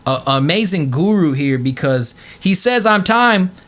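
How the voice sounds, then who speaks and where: A man talks through ancient texts in a loose, chatty podcast. His voice is bright and fairly high. He swings between excited peaks and quieter asides, often jumping into loud acted-out quotes. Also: normal speed. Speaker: podcast host. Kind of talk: casual chat.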